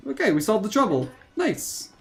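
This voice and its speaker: A man's voice: high voice, huge pitch swings, normal speed, vocal fry. A man livestreaming a video game, chatting loosely with friends and greeting viewers in chat. His delivery is casual and self-deprecating, with faint game music behind. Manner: reads chat, jokes, self-mocking. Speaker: streamer.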